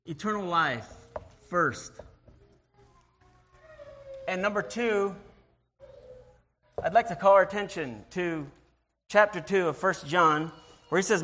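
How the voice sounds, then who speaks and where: A man giving an informal sermon, earnest and halting, often restarting and repeating his words as he searches for them, and reading scripture in a slower voice. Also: high-pitched, bright, forceful tone. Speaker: lay preacher.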